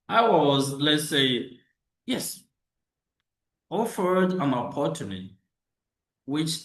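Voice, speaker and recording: Slow, animated man in an echoey room. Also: on the high side. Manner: repetitive, emphatic, with restarts and rhetorical questions. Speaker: motivational speaker. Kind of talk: motivational monologue.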